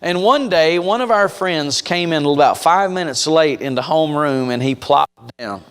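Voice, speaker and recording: A man preaching at a revival, telling stories with punch and speaking straight to the pews. His voice sits fairly high for a man. Long reverb from the church sanctuary trails every phrase. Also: animated, normal speed, clear, resonant tone. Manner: emphatic, storytelling, direct address to congregation. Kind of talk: sermon.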